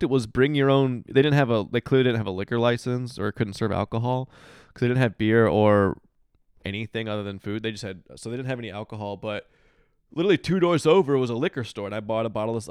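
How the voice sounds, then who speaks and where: A man in his thirties talks to his podcast from a hotel room, slightly tipsy and yawning. He rambles and restarts, then breaks into emphatic outbursts. His voice is smooth and resonant, recorded dry and close. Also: medium pitch, dry recording. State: drowsy and a little tipsy, yawning. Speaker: podcast host. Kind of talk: casual solo podcast monologue.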